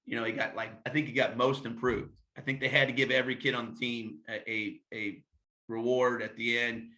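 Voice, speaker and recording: A man with a bright, forceful voice, chatting as a swim coach in an interview. He tells loose, animated stories and slips into bits of dialogue as he goes. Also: medium pitch, fairly quick. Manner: lively anecdotes, acts out dialogue. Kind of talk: casual interview storytelling.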